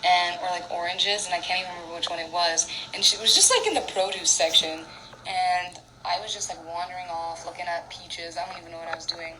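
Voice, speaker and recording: A woman's voice: fairly low pitch, fairly even intonation, brisk, noisy background. A young woman from Canada chatting casually on a phone livestream at home, rambling through childhood stories with lots of giggles and fillers. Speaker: singer on an Instagram live.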